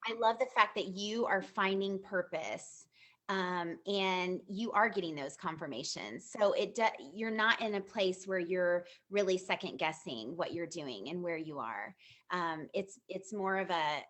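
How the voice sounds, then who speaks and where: A woman's voice: fairly low pitch, a little slow, fairly bright tone. A woman counselor hosting a talk, speaking in a supportive, reassuring way. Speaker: counselor host. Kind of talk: gentle counseling conversation.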